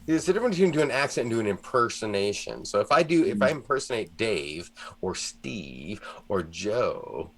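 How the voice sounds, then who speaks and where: A man's voice: fairly low pitch, moderate pace, few pauses. A man with an American Midwest accent, telling stories in a casual group chat and laughing often. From United States. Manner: animated storytelling, laughs often. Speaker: guest player.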